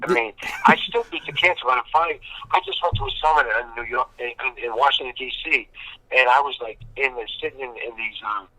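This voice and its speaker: A man talks casually as an interview guest. His voice is bright and forceful, and the sound is dry and close. He rambles and repeats himself for emphasis. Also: mid-range voice, fairly quick, no echo, low-quality recording. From Boston. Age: 50s. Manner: rambling, emphatic storytelling with repetition.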